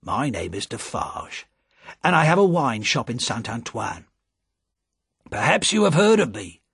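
A man voicing a grave, cautious male wine-shop keeper who speaks quietly and warns in a husky voice. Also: very animated, a little slow, dry recording, studio quality, full character voice. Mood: hushed. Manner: quiet, low-key warnings.

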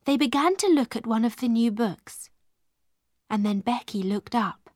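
A woman reading a children's storybook aloud in a clear, measured way. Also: fairly high pitch, expressive, a little mellow, no room sound, clean studio sound. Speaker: narrator.

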